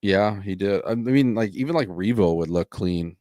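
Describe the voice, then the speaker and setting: A man's voice: on the low side, moderate pace, warm tone, dry recording, clean studio sound. A man co-hosting a podcast in casual sports chat, laid-back and matter-of-fact, swearing now and then. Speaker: podcast co-host.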